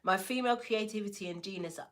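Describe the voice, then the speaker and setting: A woman's voice: medium pitch, fast talker, a bit bright. A woman giving a casual oracle card reading, playful and affirming, with slangy asides to her viewers. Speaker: tarot and oracle card reader.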